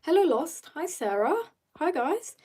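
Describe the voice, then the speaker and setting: A teenage girl from South Africa, a little husky from being ill, rambling playfully as she greets viewers and chats while drawing on a live stream. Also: sits high, very animated, unhurried, warm tone, slight background noise. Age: teens. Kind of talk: casual live-stream chat.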